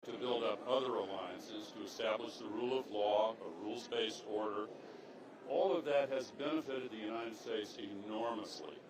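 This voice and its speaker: A man speaks in a slow, deliberate, halting cadence in a TV news interview. His voice is fairly low. Crowd noise is clearly heard behind him. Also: low-quality recording. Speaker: former politician interviewed on news.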